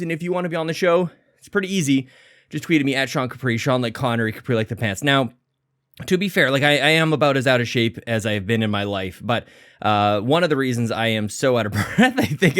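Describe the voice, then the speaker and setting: Male podcast host, fairly high voice, chatty and rambling, slightly winded, dry room. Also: fairly bright tone, no echo. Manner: chatty, rambling, self-deprecating. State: a little out of breath. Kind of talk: energetic casual podcast intro.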